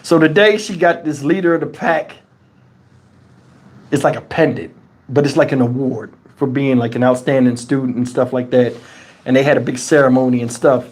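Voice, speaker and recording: A middle-aged man hosting a casual livestream, telling a story in an animated, exasperated way with a lot of cursing. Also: mid-range voice, normal speed. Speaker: YouTube channel host.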